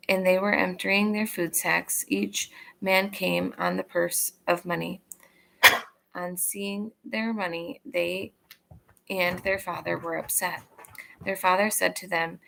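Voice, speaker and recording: Woman reading bible story out loud, low voice with some vocal fry, steady and plain. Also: a little slow, rough recording. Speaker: scripture reader. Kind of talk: reading a Bible passage aloud.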